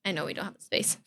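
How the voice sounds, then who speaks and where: A woman's voice: high voice, pushed and bright, a little hiss or hum. A young woman streaming live, chatting casually in a bubbly, giggly, easily distracted way.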